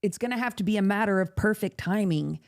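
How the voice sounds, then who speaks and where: A woman podcast host telling a story in casual chat. She talks in an animated way, swears freely and laughs often. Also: mid-range voice, fast.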